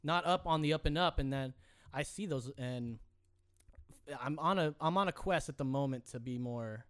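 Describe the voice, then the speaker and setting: A male host in a casual chat who rambles excitably and restarts his sentences often. His voice sits a little high, and the recording is dry and close. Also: moderate pace, clear, resonant tone, no echo.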